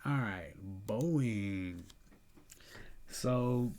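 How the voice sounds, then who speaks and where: A sleepy, yawning man casually talking through his day trades, relaxed and chatty, thinking aloud with fillers and soft laughs. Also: lowish voice, a little slow. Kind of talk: casual screen-recorded trade review.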